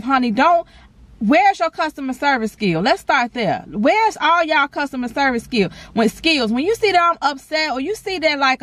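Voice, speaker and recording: A woman's voice: a little high, no room sound. A young woman vlogging from inside a car, chatting and venting to her viewers and calling them y'all and honey. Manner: animated, talks straight to viewers with lots of y'all and honey. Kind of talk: casual ranting chat to viewers.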